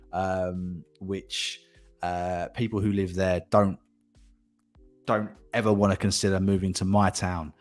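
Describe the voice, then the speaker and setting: Male host, low-pitched, casual and repetitive, reading out viewer comments. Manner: chatty, repeats words and phrases, laughs often. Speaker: property livestream host.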